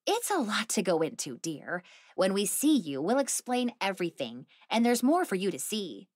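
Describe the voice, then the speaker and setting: Woman voicing a calm, doting witch aunt. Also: medium pitch, moderate pace, no echo, studio quality. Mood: patient. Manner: soothing, endearments.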